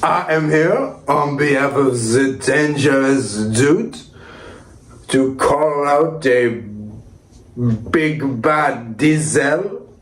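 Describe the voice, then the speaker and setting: Man putting on a masked wrestler, exaggerated fake French accent, stiff and formal, slow-talking, echoey room. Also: mid-range voice. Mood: pompous. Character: masked male wrestler on the run, pompous.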